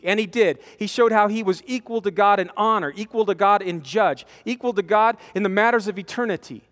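High-voiced man preaching in a reverberant hall. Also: a little fast, hardly any pauses. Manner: animated, acts out quotes, repeats words when pressing a point. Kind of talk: conversational sermon. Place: large conference hall. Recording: long hall reverb from a conference.

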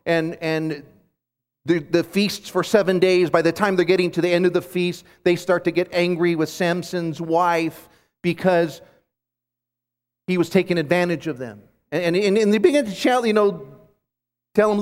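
A man teaching scripture at a conference, retelling a story with lively restarts and repeated words. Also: high voice, a little slow, pauses often. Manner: animated storytelling with frequent restarts. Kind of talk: sermon. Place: conference hall. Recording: long hall reverb.

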